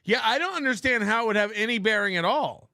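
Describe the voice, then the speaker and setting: A man's voice: high-pitched, expressive, fast talker, bright, forceful tone, no room sound, studio quality. A man on a played stream clip, talking sarcastically with plenty of swearing. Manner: sarcastic, profane. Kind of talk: live stream banter.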